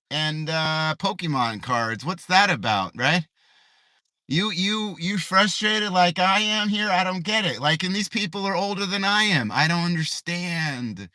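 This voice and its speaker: Ranting man with a bright voice. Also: on the high side, no echo. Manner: ranting, repetitive rhetorical questions. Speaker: livestreamer. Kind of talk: casual livestream rant. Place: parked car in a parking lot.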